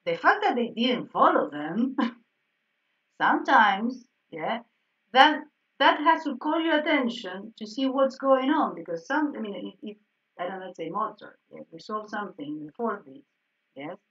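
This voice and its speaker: A woman's voice: fairly high pitch, lively intonation, unhurried. Woman teacher on a dull distant call. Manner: explanatory, checks in with frequent "yes?" and soft laughs. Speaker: piano and harmony teacher. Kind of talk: online group lesson. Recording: slightly dull, distant online call audio.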